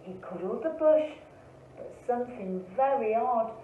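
A woman, an early years teacher, reading a picture book aloud to children in a slow, expressive storytelling way. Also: a little high, a little hiss or hum. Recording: echoey, phone-like, from a distance.

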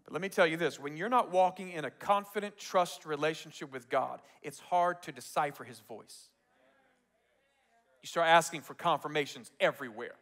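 A man preaching a sermon as pastor, telling the story in an animated, jokey way and calling out to the crowd. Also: fairly high pitch, moderate pace.

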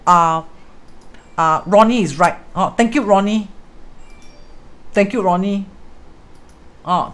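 A woman with a Singaporean English accent hosts a casual livestream, chatting straight to her viewers. She talks loosely and lightly, with Hokkien and Mandarin words dropped into her English, and her voice sits at a middle pitch. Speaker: host, fortune-telling teacher.

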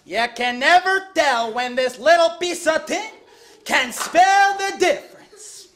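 A woman's voice: high-pitched, expressive, slow pace, full character voice. A woman playing a blustering old male caterer. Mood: indignant. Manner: blustering, shouts often. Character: loud, bickering older male American caterer. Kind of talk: stage play acting. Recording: echoey stage room.

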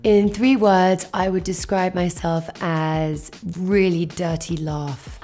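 An English actress in her thirties, answering quick-fire questions at home in a giggly, self-mocking, chatty way. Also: on the low side, fairly even intonation, dark tone. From England. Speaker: actress interviewee. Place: at home indoors.

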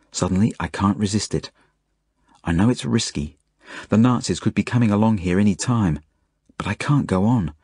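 Here an Australian novelist voices his own book in first person, with a husky low timbre and a straightforward, earnest manner. The tone is slightly mellow and the audio dry and intimate.

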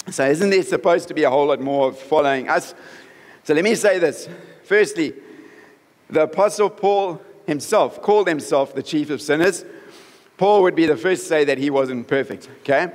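A pastor delivers a sermon in a conversational, friendly way, keeping his voice a touch higher than most men. He keeps checking in with the congregation as he goes. The sound carries a long reverb from a church hall.

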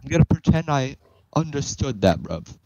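A man's voice: medium pitch, big pitch swings, normal speed, dark tone, highs cut off, a little hiss or hum. A young man gaming with a friend, joking around with mock-posh British catchphrases and plenty of swearing. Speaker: gamer. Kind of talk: casual gameplay banter.

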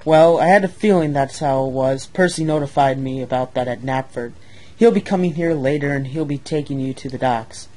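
A man voicing a kindly male railway boss who talks calmly and reassuringly. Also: mid-range voice, brisk, lightly acted. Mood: concerned. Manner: calm and reassuring.

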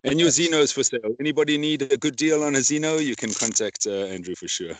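A man's voice: mid-range voice, fast talker, a little hiss or hum. A man hosting a casual podcast interview, rambling with many fillers and asking leading questions. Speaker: podcast host.

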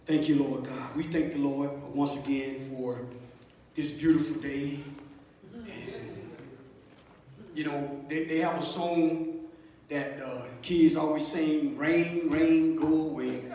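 A man preaching a sermon as a minister, with call-and-response amens, pausing to have the congregation underline words, and building to emphatic stretches. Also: on the high side, steady tone, dark tone, far from the mic, a little hiss or hum. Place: church sanctuary. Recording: echoey church hall with long reverb.

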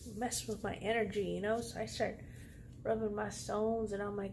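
Woman vlogger spilling a story, sassy and slangy, kinda high voice, faint noise behind. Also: fast. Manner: sassy, slangy, animated retelling. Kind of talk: casual storytelling.

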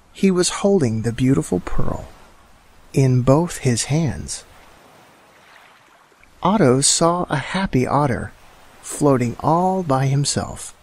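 A man narrating a children's bedtime story in a slow, calm and soothing way. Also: mid-range voice. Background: soft music.

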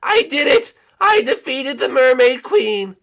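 A man voicing a hapless, boastful male banana guard in a game video, with a shrill, panicky, excitable delivery. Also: normal speed, vocal fry, full character voice. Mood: proud.

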